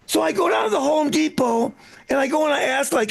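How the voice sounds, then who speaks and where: Speaking into his own mic on an echoey live comedy stream, a middle-aged comic delivers a profane, wandering set, breaking off and restarting as he goes. His gravelly voice sits high for a man, and he talks fairly quickly and expressively.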